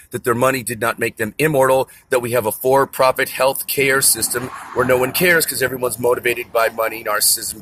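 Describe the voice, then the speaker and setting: Man, angry rant, profane, rambling, husky, bright, recorded outdoors. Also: mid-range voice. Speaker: vlogger. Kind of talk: ranting monologue to camera. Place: outdoors near a store.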